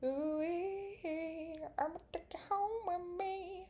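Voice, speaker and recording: A woman voicing a brash, flirty man showing off his money, in a high, drawn-out swagger. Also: steady tone, a little mellow. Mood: boastful.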